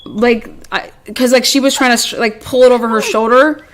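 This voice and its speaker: A woman's voice: on the high side, fairly even intonation, normal speed. A woman co-hosting a podcast, telling a story in a rambling, exasperated way, swearing freely and restarting often. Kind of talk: casual storytelling chat.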